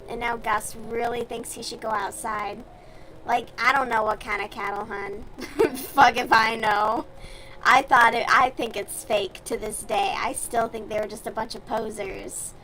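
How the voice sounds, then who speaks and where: A woman's voice: fairly high pitch, bright, forceful tone, a little hiss or hum, low-quality recording. A young woman from the US South chatting casually and bluntly with her stream viewers while she crochets, with plenty of swearing.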